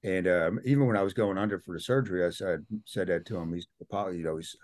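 A man's voice: deep voice, quick pace, few pauses, no echo, studio quality. A middle-aged man, a podcast guest, telling a personal story in a casual interview and acting out what people said. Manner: animated storyteller, acts out quotes.

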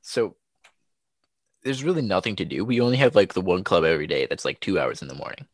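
A man's voice: low-pitched, fast, dry recording, studio quality. A young man co-hosting a podcast, telling stories in a casual chat and laughing often. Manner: laughs often, animated storytelling. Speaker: podcast co-host.

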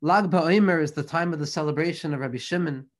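A man's voice: fairly high pitch, fast talker. A man teaching an earnest, flowing religious lecture, mixing Hebrew and Yiddish terms into his English. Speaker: Torah teacher.

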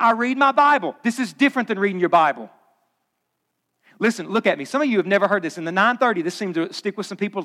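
Middle-aged male pastor, high voice, casual sermon swinging loud to hushed, live in a big reverberant church. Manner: conversational, swings from loud punchy asides to hushed low emphasis. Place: large church auditorium. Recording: long hall reverb.

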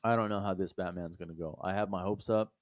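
A man's voice: low-pitched, steady tone, fast talker, dry recording. A man co-hosting a podcast, talking in a blunt, profane, emphatic way in casual, opinionated chat. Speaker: podcast co-host.

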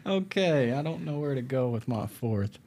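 Woman, very deep voice, podcast co-host, casual chat, blunt, dry humor. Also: expressive, moderate pace, very noisy.

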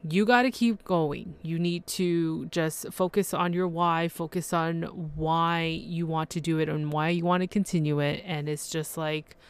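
A woman's voice: deep voice, little pitch movement, unhurried, hardly any pauses, smooth. A woman hosting her own podcast and talking solo, effusive and overwhelmed, with many fillers and restarts. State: emotional and overwhelmed. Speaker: podcast host.

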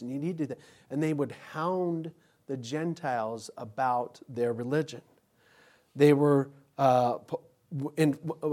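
A pastor giving an informal Bible teaching, telling rambling personal anecdotes. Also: male voice, mid-range voice, a little mellow.

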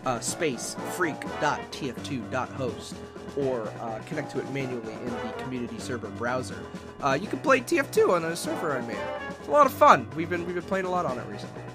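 A man co-hosting a casual podcast, excitable, laughing often and swearing casually. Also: medium pitch, fairly quick, over music. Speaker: podcast co-host running a game server. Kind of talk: casual chat.

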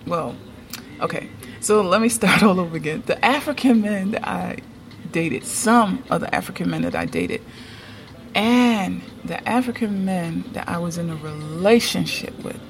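A woman vlogging to her viewers in a relaxed, unhurried way, her low voice carrying a gravelly fry. She is chatty and emphatic, often pausing to check in with "okay?". A faint hum of noise sits behind her. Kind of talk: casual opinion vlog.

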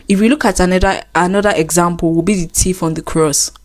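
A woman's voice: on the low side, fairly even intonation. A woman co-hosting a casual faith chat, earnest and teasing. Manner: earnest, teasing, quick laughs. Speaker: co-host.

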